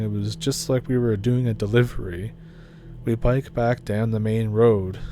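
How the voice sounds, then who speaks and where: A man narrates a first-person story in a steady, low-key reading voice. His tone sits low and mellow. A faint hiss runs under the recording.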